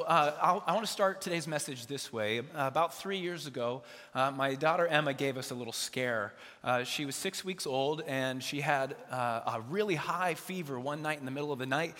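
Bright-voiced pastor in a reverberant hall. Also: male voice, medium pitch. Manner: storytelling with playful asides and acted-out dialogue. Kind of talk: sermon. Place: large church sanctuary.

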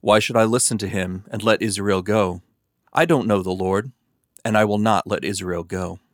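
A man's voice: fairly low pitch, steady tone, moderate pace, no echo, studio quality, lightly acted. A man reading as a scornful ancient king. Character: stern arrogant ancient male king.

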